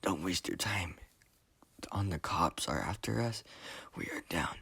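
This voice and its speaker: A man doing a dying young man, whispered role-play, soft and breathy, gentle and forgiving, low and dry. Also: measured pace, no room sound, full character voice. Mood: fading.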